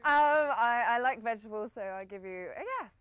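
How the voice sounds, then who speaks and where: A woman in her twenties from England, chatting casually on a dating show. Her voice sits high, and she hesitates with ums before a quick retort. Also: a loud crowd. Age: 20s. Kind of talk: casual reality show chat.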